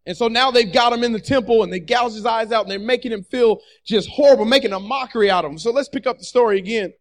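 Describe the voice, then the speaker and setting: A man preaching a sermon with energetic call-and-response, repeating his key phrases and urging the congregation to answer back. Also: very high voice, quick pace.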